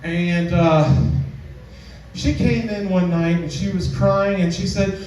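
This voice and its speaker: A man performing a live stand-up comedy set, telling stories in a slow, drawn-out way and switching into high, squealing voices when he quotes the women. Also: fairly even intonation, a little mellow, muffled recording. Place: small comedy club stage. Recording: distant mic in an echoey club.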